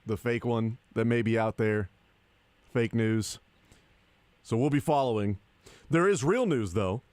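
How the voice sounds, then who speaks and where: On a sports talk radio show, a male host speaks in a sarcastic, deadpan, unhurried way at an ordinary middle pitch. A studio microphone gives close, dry sound with no room echo.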